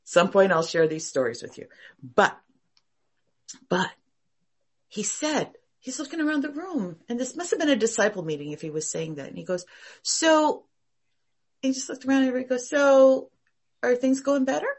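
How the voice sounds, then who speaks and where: A woman teaching a meditation class in an emphatic, animated way, repeating her points. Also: mid-range voice, moderate pace, long pauses, husky. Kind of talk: casual class talk.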